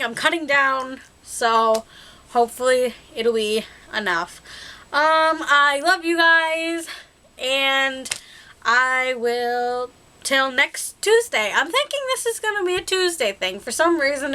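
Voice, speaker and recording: A woman's voice: high voice, unhurried, sharp tone. A young woman vlogging to her viewers, chatty and rambling, laughing often. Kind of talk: casual talk to camera.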